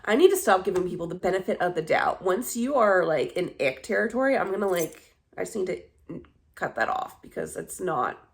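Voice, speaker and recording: A woman's voice: fairly low pitch, lively intonation, a little fast, creaky. A young adult woman chatting casually on her vlog, telling dating stories in a candid, blunt way and swearing freely. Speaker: vlogger. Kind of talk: casual chat.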